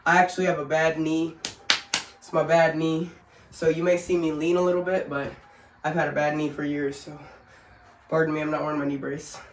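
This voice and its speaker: A woman's voice: low voice, level tone, fairly quick. A woman vlogging at home, showing simple workouts in a chatty, joking way while sick and short of breath. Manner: chatty, joking, laughs at herself. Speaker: family vlogger. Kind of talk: casual instructional vlog. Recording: echoey room.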